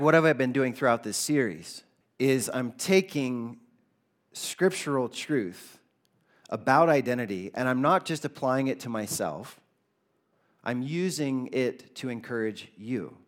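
A male pastor delivers a Sunday sermon in a church sanctuary. He preaches with earnest conviction, his voice swelling on key points and sinking low when he quotes. His pitch sits in the middle range for a man. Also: unhurried. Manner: earnest preaching, voice rising for emphasis and dropping low for quoted lines.

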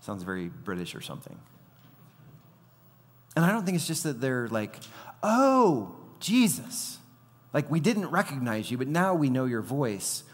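A man's voice: mid-range voice, big pitch swings, normal speed. A man preaching a sermon, telling Bible stories animatedly and acting out the quoted lines. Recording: reverberant hall.

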